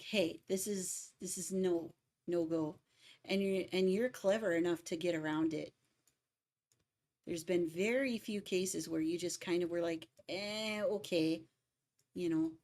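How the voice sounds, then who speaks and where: Woman, young adult, slightly low voice, casual stream chat, firm strong opinions. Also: takes it slowly, a little mellow. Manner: opinionated, emphatic about word stress. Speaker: music cover artist streaming.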